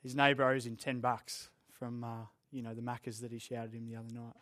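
A man's voice: medium pitch, monotone, a little fast, fairly bright tone. A young man with an Australian accent, preaching a sermon to a church congregation in a candid, self-deprecating way. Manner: earnest, candid and self-deprecating, with joking asides. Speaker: pastor. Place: church room with a live congregation.

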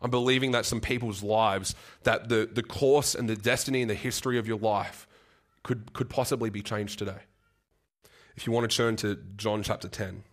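A young man preaching a sermon and telling a personal story, earnest and halting, often repeating words and getting choked up. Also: on the low side, steady tone. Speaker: guest preacher.

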